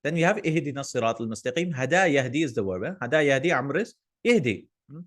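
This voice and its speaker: A man's voice: medium pitch, expressive, quick pace. Man teaching grammar, checking "right?". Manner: explanatory, checks in with "right?" and "hmm?". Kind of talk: online grammar lesson.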